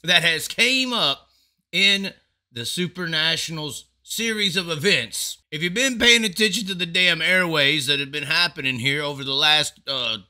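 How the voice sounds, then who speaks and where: A man hosting a casual racing commentary, animated and profane, with laughing asides. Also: on the high side, moderate pace. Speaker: racing show host.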